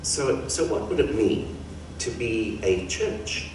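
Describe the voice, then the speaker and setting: A man's voice: fairly low pitch, very animated, slow, noisy background. A man preaching a sermon as pastor, in a conversational style that acts out the quoted voices. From Australia. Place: church hall. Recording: echoey hall from far off.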